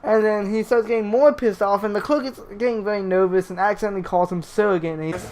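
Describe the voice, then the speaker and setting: A man's voice: sits high, quick pace, darkish tone. A young man commenting on clips, swearing constantly and stumbling over his words as he restarts them. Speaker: YouTube commentator. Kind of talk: profane rant commentary.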